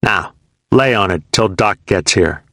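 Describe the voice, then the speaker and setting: A hard-bitten young Marine, as a man reads him, barking curt, scornful words in a low, gravelly voice. The read is close and dry, with little of the room heard. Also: measured pace, a bit bright, no room sound. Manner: gruff, curt and contemptuous. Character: hardened young male Marine, callous and scornful.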